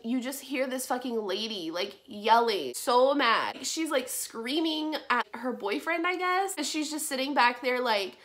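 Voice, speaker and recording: A woman's voice: high-pitched, expressive, a little slow, few pauses, fairly bright tone. Young woman telling a story, frank and profane. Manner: frank, swears a lot, heavy use of "like". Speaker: vlogger. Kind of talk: casual storytime.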